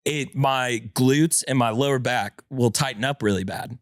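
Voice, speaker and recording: A man co-hosting a podcast with a congested chest, telling a story in casual chat and acting out quotes in a shrill voice. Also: normal speed, dry recording, clean studio sound. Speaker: podcast co-host.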